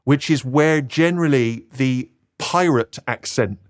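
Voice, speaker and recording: A man's voice: mid-range voice, measured pace. Man, Bristol West Country accent, middle-aged, podcast guest, self-deprecating, storytelling. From England, Bristol. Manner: self-deprecating storyteller, slips into put-on voices. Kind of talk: casual chat.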